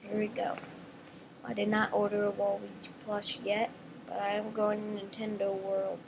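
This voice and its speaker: A young-sounding speaker talking casually in a home video, rambling and halting with many pauses, before trying character voices. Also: female voice, medium pitch, monotone, vocal fry, noisy background. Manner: rambling, halting, full of ums.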